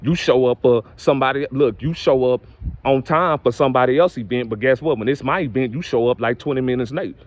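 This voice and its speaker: Young man, mid-pitched, preaching to camera on a dull, lo-fi recording. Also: a little fast, no room sound. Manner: preachy, repetitive catchphrases, rising to high exclamations. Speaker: vlogger. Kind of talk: casual direct-to-camera rant.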